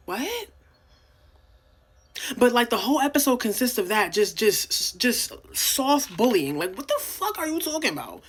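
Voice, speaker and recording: A woman's voice: medium pitch, sing-song, moderate pace. A young woman from New York City co-hosting a podcast, ranting bluntly and profanely in casual reality-TV commentary. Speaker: podcast co-host.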